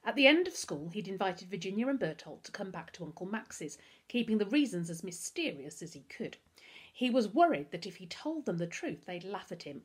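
Teacher reading aloud, husky and lively. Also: female voice, on the low side. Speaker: primary school teacher. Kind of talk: reading a children's novel aloud.

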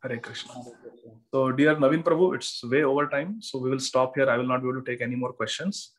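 A man's voice: medium pitch, quick pace, a bit bright, poor audio. A man giving a devotional class over an online call, telling the story and repeating key phrases for emphasis. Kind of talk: devotional lecture. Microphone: online video call.

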